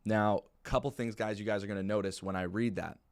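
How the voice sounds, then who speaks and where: A sales trainer walks new agents through a phone script, speaking briskly but in a chill, fairly monotone, low-key way. He keeps checking in with "right?" and "okay?".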